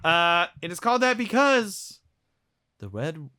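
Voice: medium pitch, big pitch swings, measured pace, pushed and bright, dry recording, clean studio sound. A podcast co-host riffing profanely, reading mock sponsor spots with mock grandeur. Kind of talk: riffing comedy podcast banter.

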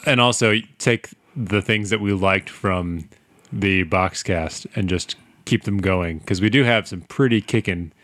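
A man's voice: low-pitched, unhurried, fairly bright tone, no room sound. A man co-hosting a casual podcast with wry, teasing remarks. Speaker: podcast co-host.

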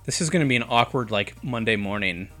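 A man's voice: mid-range voice, expressive, quick pace, a bit bright, faint music behind. A man playing a video game with friends, bantering casually and sarcastically with plenty of swearing. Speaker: game commentator. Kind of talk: casual let's-play banter.

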